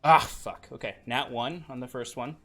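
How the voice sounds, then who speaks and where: A man's voice: mid-range voice, normal speed, faint music behind. Laid-back man running a tabletop game. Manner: relaxed, laughs often while explaining rules. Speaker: game master.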